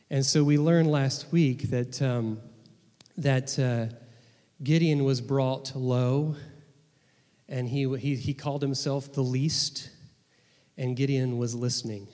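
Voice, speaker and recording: A man's voice: medium pitch, mellow. A man preaches earnestly from the pulpit, his mid-range voice stopping and restarting phrases as he goes. His words ring out with a long reverb through a church sanctuary. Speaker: pastor. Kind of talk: sermon.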